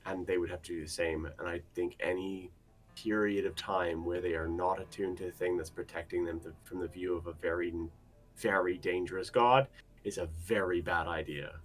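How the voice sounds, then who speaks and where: A man running a tabletop role-playing game, talking in a measured, thoughtful way. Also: low voice, fairly even intonation, poor audio. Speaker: game master. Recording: faint background music.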